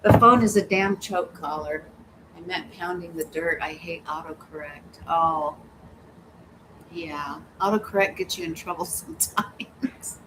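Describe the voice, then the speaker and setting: A woman's voice: on the low side, measured pace, background noise. A woman hosting a casual livestream, reading viewer comments aloud, laughing often and cussing freely. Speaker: livestream host. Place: home, hot weather.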